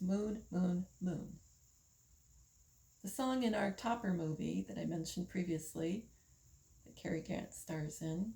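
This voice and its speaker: An older woman from the United States, talking slowly in a casual monologue, musing with pauses and fillers. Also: lowish voice, creaky, mellow, low-quality recording. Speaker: vlogger.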